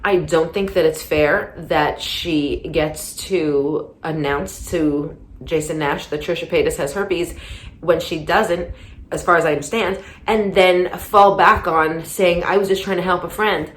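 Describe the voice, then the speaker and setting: A woman's voice: lowish voice, roomy sound, a little hiss or hum. A woman talking through a casual commentary monologue, rambling with many restarts and getting heated. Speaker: commentary vlogger.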